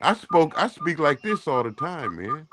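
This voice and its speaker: A man's voice: on the high side, wildly swooping pitch, unhurried, very noisy. A man hosting a casual morning talk show, delivering a rambling, profane, preachy rant. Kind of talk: casual chat.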